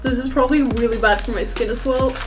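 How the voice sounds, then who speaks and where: A woman's voice: fairly high pitch, steady tone, quick pace, loud music behind the voice. A woman chatting casually and joking at herself while taking off her makeup. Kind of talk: casual makeup-removal vlog.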